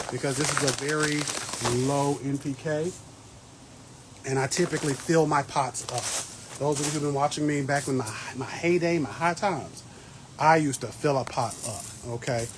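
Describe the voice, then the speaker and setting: A man's voice: on the high side, noisy background. Thirties male host, chatty and playful, talking to live viewers from his garden over a phone, faint background ambience. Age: 30s. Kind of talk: casual live-stream chat. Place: outdoor garden beds. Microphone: phone livestream.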